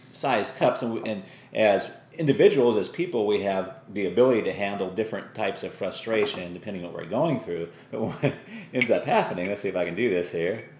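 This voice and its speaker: A man's voice: low voice, gravelly, a little mellow, echoey room, slight background noise. A middle-aged man giving a casual motivational talk to camera, folksy and rambling, now and then acting out exasperated remarks. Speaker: online business vlogger.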